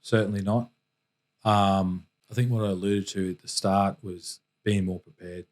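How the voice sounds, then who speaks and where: A man, a podcast guest telling personal stories in a candid, reflective way with halting restarts. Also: deep voice, fairly even intonation, darkish tone. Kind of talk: candid storytelling in conversation.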